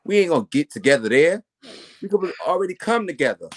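A man co-hosting a podcast in casual chat, ranting in a profane, animated way. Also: fairly high pitch, fast. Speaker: podcast co-host.

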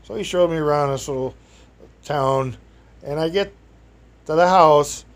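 Man, storyteller; meandering anecdote for a live audience, chatty, light chuckles, voice on the higher side. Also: a little slow. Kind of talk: rambling personal anecdote told to an audience.

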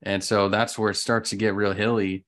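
A podcast host from Ohio with a fairly low voice. He talks in a loose, informal way as he walks through facts for his co-hosts. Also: level tone, normal speed, a bit bright. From Ohio, United States. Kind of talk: casual chat.

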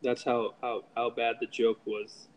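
A man's voice: mid-range voice, level tone, measured pace, low-quality recording. A man talks through a movie on a podcast in an easygoing, casual way. He often hesitates and repeats words as he gathers his thoughts. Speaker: podcast co-host. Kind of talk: casual movie review chat.

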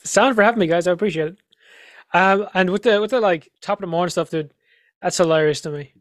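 Blunt young Irish man, higher voice. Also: brisk, dry recording, studio quality. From Ireland. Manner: blunt, chatty, many fillers. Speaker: guest. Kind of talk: casual podcast chat.

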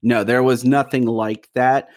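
A man's voice: mid-range voice, steady tone, unhurried. A man in a casual movie discussion, talking animatedly and acting out lines in quoted voices.

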